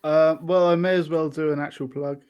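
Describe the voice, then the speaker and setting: A man's voice: fairly high pitch, fairly even intonation, brisk, a little mellow, clean tone. A man guesting on a podcast, chatting casually with frequent ums and restarts. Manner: hesitant, many ums and restarts.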